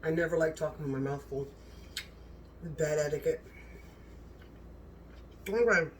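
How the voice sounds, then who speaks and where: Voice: medium pitch, unhurried, far from the mic, slight background noise. A cooking channel host in a home kitchen, gushing and exclaiming as they talk straight to viewers while tasting the food.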